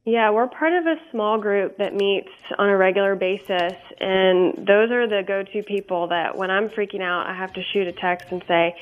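A woman's voice: medium pitch, moderate pace. A woman guest in a radio interview who speaks in an earnest, candid way and often says "um". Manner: earnest, candid, frequent ums. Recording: phone-like narrow sound.

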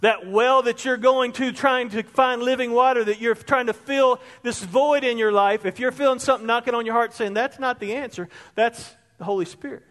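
A pastor giving an impassioned sermon in a church, rising to near shouts at times. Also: male voice, very high-pitched, steady tone, moderate pace, few pauses. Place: church sanctuary. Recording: long reverb of a large hall.

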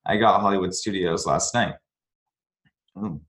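A podcast host with a low, fairly bright voice reads a listener's scary story aloud, unhurried and casual. He breaks off now and then to comment and laugh, and the recording has a roomy echo.

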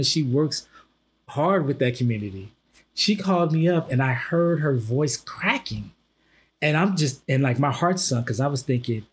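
A man with a husky, slightly breathy voice talks through his feelings on a casual podcast. He speaks in an earnest, halting way, restarting often. His pitch sits at a typical middle range for a man. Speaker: podcast co-host. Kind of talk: casual discussion.

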